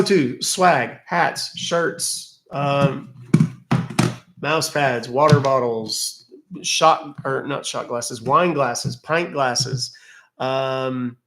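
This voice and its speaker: Gravelly chatty man reading live questions. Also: mid-range voice, a bit bright. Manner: chatty, wry, reads viewer questions aloud then answers. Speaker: host answering live chat questions. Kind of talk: casual livestream Q&A.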